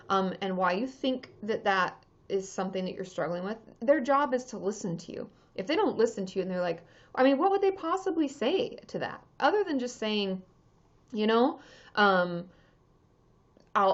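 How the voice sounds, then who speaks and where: A higher-pitched woman in her thirties talks loosely through viewer questions as a therapist on a live stream, tripping over restarts and fillers. The audio is dull and lo-fi, like a webcam stream. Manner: chatty, scattered, many fillers and restarts. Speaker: therapist answering live chat. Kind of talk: casual livestream chat.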